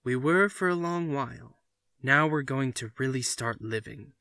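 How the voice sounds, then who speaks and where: Resolute storybook father, read by a man, slow, dry delivery. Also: medium pitch, creaky, bright, forceful tone, no echo. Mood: stern. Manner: firm, emphatic declarations. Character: stern father, uneasy then firm and forceful. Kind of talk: reading a story aloud.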